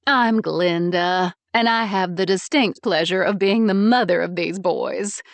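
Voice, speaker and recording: A woman voicing a cheerful, bossy middle-aged mother who gives orders in a lively way. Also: lowish voice, unhurried, vocal fry, no room sound. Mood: welcoming. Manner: bustling, commanding, lively.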